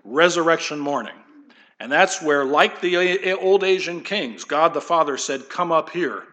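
A pastor preaching a sermon in an easygoing, conversational way, wandering into folksy asides. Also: male voice, on the high side, normal speed, fairly bright tone, highs cut off.

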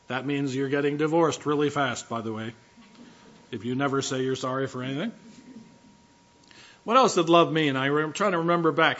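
A man's voice: on the high side, moderate pace, fairly bright tone, dull audio. A male pastor giving a conversational sermon, teaching with rhetorical questions and asides.

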